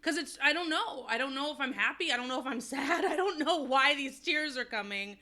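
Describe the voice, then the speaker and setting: A woman talking loosely on a podcast, rambling and laughing at herself as she confides. Her voice sits a little high and sounds bright and forward. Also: animated, a little fast. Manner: candid, rambling, self-deprecating. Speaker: podcast co-host. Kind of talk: casual chat.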